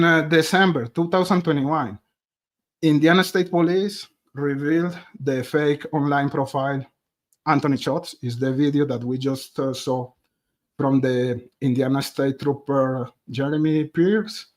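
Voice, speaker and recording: A man's voice: a little high, steady tone, unhurried. Chatty man. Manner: chatty, addresses viewers directly as "guys". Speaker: true crime streamer. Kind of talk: live-stream commentary.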